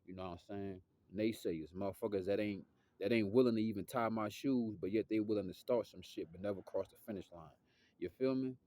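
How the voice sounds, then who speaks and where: A man's voice: brisk, dark tone, no echo. A young man, talking in a loose, slangy, rambling monologue that drifts off topic. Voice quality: deep voice. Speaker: musician vlogger.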